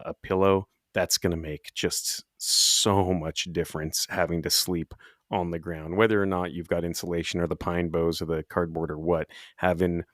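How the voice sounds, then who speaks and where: A man co-hosting a podcast in casual chat, rambling and chatty and quick to laugh. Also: low-pitched, no echo, clean studio sound. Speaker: podcast co-host.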